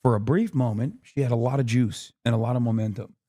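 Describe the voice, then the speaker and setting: A man's voice: medium pitch, fast, dark tone, no echo, studio quality. A man in his thirties ranting at his live-stream chat, profane and exasperated, keeping his voice down so as not to wake a neighbor. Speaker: streamer reacting to a speech. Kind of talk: heated live-stream commentary.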